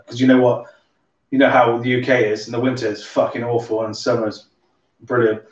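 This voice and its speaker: A man with a light Somerset twang hosting a casual drink-along livestream, chatting in a rambling way and swearing offhandedly. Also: medium pitch. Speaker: livestream host. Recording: roomy, distant, dull sound with music behind.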